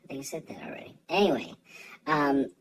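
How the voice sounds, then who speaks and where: A man's voice: medium pitch, sing-song, fairly quick, gravelly, a little hiss or hum, rough recording. A man sending a rambling, joking congratulations video through a phone voice filter. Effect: voice filter from a phone app. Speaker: friend sending a video message. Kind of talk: casual recorded video message.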